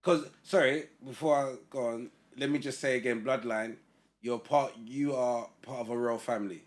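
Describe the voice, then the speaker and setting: A man hosting a podcast interview, eager and casual, with lots of quick agreement. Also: mid-range voice, steady tone. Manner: eager, repetitive, lots of backchannel yeahs. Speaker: podcast host.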